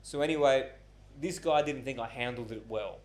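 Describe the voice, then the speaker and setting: A man in his twenties or thirties tells stories on his podcast in a loose, unfiltered way. He swears freely and jumps into the voices of the people in his stories. His pitch sits at an ordinary middle height for a man. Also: normal speed. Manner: animated storyteller who acts out quoted voices, swears often. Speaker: podcast host. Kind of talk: casual storytelling chat.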